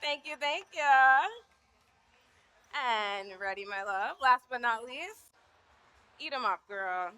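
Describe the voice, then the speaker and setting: A bright, high-pitched young woman leads a live posing workshop on stage. She hypes up her volunteers with encouraging cheers, speaking into a handheld mic. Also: expressive, takes it slowly, pauses often, clear, resonant tone. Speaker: posing coach. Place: stage before a live audience.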